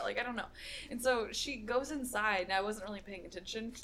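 A young woman tells a story in a casual, rambling way, laughing often and swearing freely. Her voice sits a little high. Faint background noise runs under the recording. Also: fast talker, fairly bright tone. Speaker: podcast co-host.

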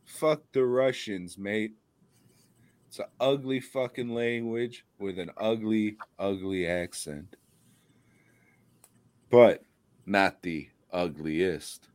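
Low voiced guy cussing and ranting on a podcast, really slow drawl, swings up and down a lot. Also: darkish tone. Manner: profane, ranting, laughs often. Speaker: podcast co-host. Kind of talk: casual comedic chat.

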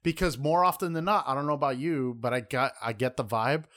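This man is a podcast co-host who chats casually and bluntly, swearing freely. His voice sits at a middle pitch and sounds dry, with no room echo. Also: fairly quick, a bit bright. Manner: blunt, profane banter.

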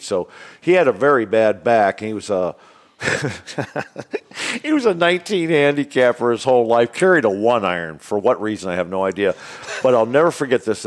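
Animated man in his sixties telling stories. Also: fairly low pitch. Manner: animated, acts out voices in anecdotes, laughs often. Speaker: guest telling golf stories. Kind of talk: casual storytelling.

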